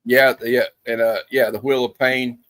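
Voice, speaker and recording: A man's voice: mid-range voice, level tone, normal speed, fairly bright tone, dry recording. A man hosting a casual movie review, telling a story in a loose, rambling way full of fillers and restarts. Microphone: streaming setup.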